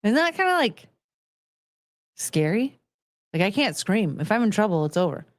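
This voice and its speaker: A woman's voice: medium pitch, very animated, normal speed, dry recording, studio quality. A woman in her thirties hosting a casual chat podcast, chatty and giggly, rambling with plenty of fillers. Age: 30s. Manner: giggly, chatty, frequent laughter. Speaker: podcast host.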